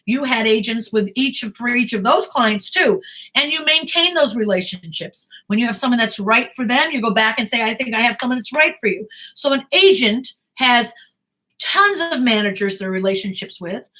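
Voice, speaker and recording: A woman's voice: fairly high pitch, lively intonation, moderate pace, bright, forceful tone. An American woman, a talent manager and acting coach, giving blunt, emphatic advice to actors in a live Q&A talk.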